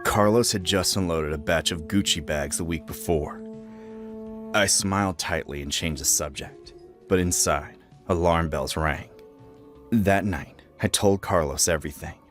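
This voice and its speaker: Deep-voiced man narrating horror. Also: moderate pace, music in the background. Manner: dramatic, expressive storytelling.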